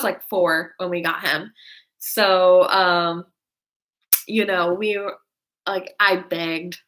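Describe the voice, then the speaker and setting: A young woman in a pushed, bright, mid-range voice chats casually on her live stream. Her talk drifts and is loaded with "like" and "um" as she answers comments from viewers.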